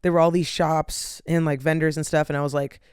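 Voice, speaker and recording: Young woman podcast host, tired and yawning, loose rambling chat; very smooth, resonant tone, dry close sound. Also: deep voice, little pitch movement, fairly quick, a little mellow, no echo. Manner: rambling, lots of "like" and "um". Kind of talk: casual solo chat.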